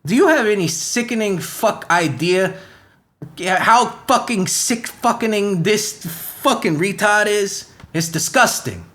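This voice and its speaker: Playing a brash, foul-mouthed young Spider-Man, a man rants through a comedy podcast bit, asking rhetorical question after rhetorical question in a slipping put-on accent. The performance is heavily acted, with a high, pushed-up, fairly bright voice that is expressive and slow.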